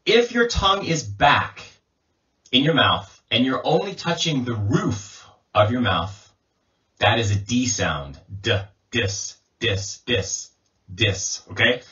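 A man as an English coach, giving a slow pronunciation lesson and repeating sounds as drills. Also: medium pitch, big pitch swings, bright, forceful tone. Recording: distant mic, dull lo-fi sound.

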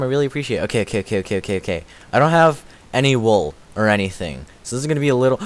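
A man streaming a game live, chatting casually with a slightly raspy voice and thanking viewers as he plays. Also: fairly low pitch, expressive, fast talker. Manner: chatty, thanks viewers, repeats filler words. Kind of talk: casual livestream commentary while playing.

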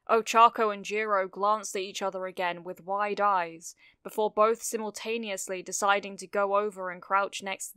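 A woman reading fan fiction aloud, narrating a story with steady, expressive delivery. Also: medium pitch, smooth, no room sound, studio quality.

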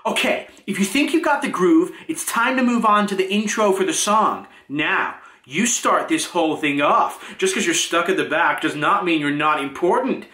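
A man's voice: high-pitched, animated, normal speed, hardly any pauses, sharp tone. A man giving upbeat, scripted encouragement to a drum student. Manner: enthusiastic, cheering the learner on. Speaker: lead character hosting the tutorial. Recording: echoey room.

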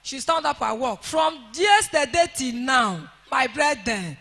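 A woman's voice: sits high, animated, a little slow. Nigerian woman giving an echoey church testimony. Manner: emotional, rising to shouts of praise.

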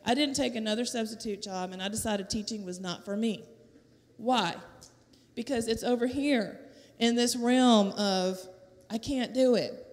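A middle-aged woman with a Southern US accent tells a lively testimony in a church, laughing often and acting out the voices of others. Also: fairly high pitch, normal speed. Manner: lively storytelling, laughing often, acts out quotes. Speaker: teacher sharing a testimony at church. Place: church sanctuary. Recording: echoey church hall.

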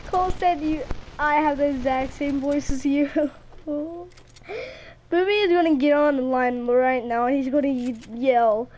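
Bossy high-voiced woman gaming. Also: darkish tone, a little hiss or hum. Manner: bossy, teasing. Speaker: gamer. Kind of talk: casual gaming chat.

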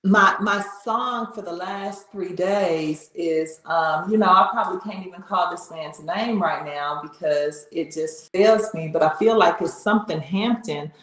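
A woman talking about her faith in a casual chat, animated and slangy, often repeating herself. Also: lowish voice, a little slow, few pauses. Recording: echoey room.

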